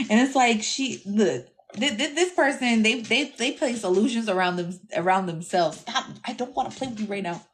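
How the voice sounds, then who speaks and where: A young woman reading tarot cards for her viewers in a loose, foul-mouthed, teasing way, laughing as she goes. Her voice sits at a middling pitch, and a faint hiss runs under it. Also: animated, normal speed. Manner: brash, profane and teasing, laughing often. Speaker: tarot reader. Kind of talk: casual tarot reading to camera.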